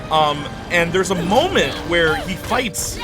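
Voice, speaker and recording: A man's voice: on the high side, lively intonation, slow pace, music in the background. A man giving casual let's-play commentary, rambling and enthusiastic with many fillers. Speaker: gameplay commentator.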